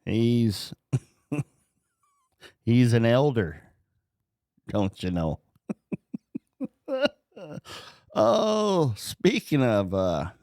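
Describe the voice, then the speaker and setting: A man's voice: mid-range voice, gravelly, no room sound, clean studio sound. A man hosting a casual podcast, joking, laughing often and swearing as he talks. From North Dakota. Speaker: podcast host.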